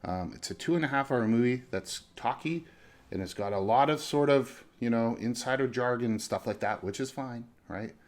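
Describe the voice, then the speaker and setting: A man's voice: medium pitch, normal speed. A man reviewing films casually, talking conversationally and checking in with the listener through frequent "right?" and "you know" tags. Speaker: movie reviewer.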